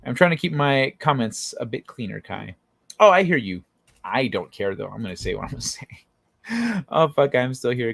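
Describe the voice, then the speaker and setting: Very animated and gravelly at medium pitch, this livestream host talks at normal speed, drifting through tangents with plenty of fillers. He reads chat aloud, laughs often, and swears freely. No room sound is audible.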